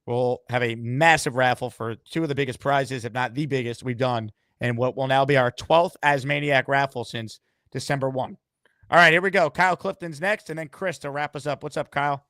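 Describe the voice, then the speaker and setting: A man's voice: mid-range voice, steady tone, a little fast, a bit bright, dry recording, clean studio sound. A man hosting a live-streamed call-in show, upbeat and hyping up callers and superchats. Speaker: host.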